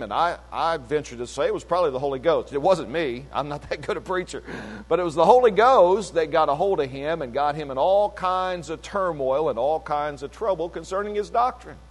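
An older man preaching with a lively, rising and falling delivery, his voice pitched a little high. He retells a story in a repetitive way, climbing to emphatic peaks and sinking to quiet asides. His words hang in the long reverb of a large hall. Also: a little fast. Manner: animated, swings between emphatic peaks and low asides. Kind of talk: sermon-style testimony.

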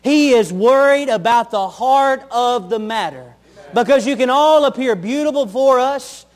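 A man's voice: very high voice, lively intonation, normal speed. A young adult man, a pastor, preaching a sermon in an earnest way, telling homely stories and repeating his key phrases.

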